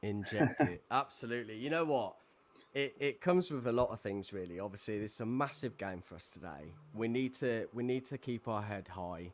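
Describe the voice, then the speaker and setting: Low-voiced, chummy podcast host. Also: male voice, animated, a little fast, crowd noise. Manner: hearty, chummy greetings. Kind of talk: casual podcast hosting.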